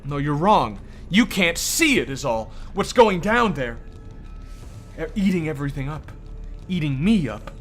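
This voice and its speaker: Guy doing a high shrill paranoid girl, all over the place, snapping at people. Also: sing-song, a little slow, a bit bright, soft background music. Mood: fearful. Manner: frantic, accusing. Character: unstable young woman, paranoid and threatening. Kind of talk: reading game dialogue aloud.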